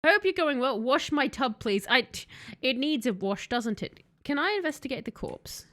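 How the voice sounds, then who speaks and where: A young female streamer with a high, slightly bright voice and lively intonation talks at a moderate pace. She offers chatty, sarcastic let's-play commentary, addressing both the game's hero and her chat.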